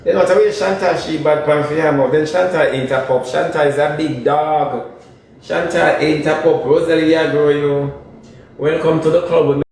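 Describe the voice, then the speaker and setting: A man's voice: fairly high pitch, fairly even intonation, moderate pace, creaky, a little mellow. A man with a Jamaican accent giving comic commentary on social media gossip, emphatic and ranting, hammering dismissive refrains. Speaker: online commentator. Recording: very echoey room, far from mic, faint noise.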